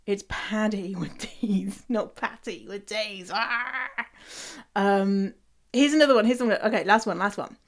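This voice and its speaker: A woman's voice: mid-range voice, measured pace. A young British woman hosting a casual solo podcast, chatty and full of laughs and swearing. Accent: British English. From England. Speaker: podcast host.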